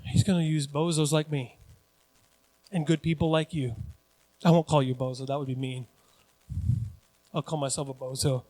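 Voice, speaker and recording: A pastor in his forties preaching a sermon in a joking, conversational, animated way. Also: fairly high pitch, normal speed, pauses often. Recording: long church hall reverb.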